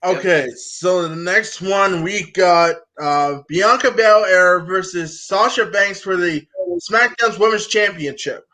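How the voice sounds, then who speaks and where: Young guy chatting, stumbles and repeats stuff, high and bright. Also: takes it slowly. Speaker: co-host. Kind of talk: casual chat.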